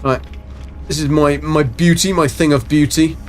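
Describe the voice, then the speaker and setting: A man's voice: a little high, steady tone, moderate pace, soft background music. Chatty streamer man. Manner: chatty, rambling, self-mocking. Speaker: game streamer. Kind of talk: casual live-stream chat.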